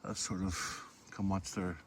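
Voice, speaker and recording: A Northern Irish man with a lowish voice gives a chatty garden tour, calling his viewers "folks" as he goes. He talks straight into a handheld phone outdoors, with faint noise in the background. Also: flat delivery, measured pace. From Northern Ireland. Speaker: garden vlogger. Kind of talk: casual walk-through garden tour. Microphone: phone camera held while walking.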